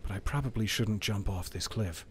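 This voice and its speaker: A man's voice: lowish voice, moderate pace, slight background noise. A man giving casual, playful commentary while streaming a video game, bantering with wry jokes.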